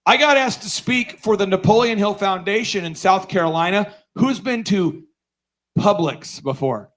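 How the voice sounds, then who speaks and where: A middle-aged man speaks into a stage microphone at a business conference, his voice sitting high. He tells a comic story with loud, animated bursts and laughs mid-sentence. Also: moderate pace, rough recording. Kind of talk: comedic storytelling keynote. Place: conference stage before a live audience.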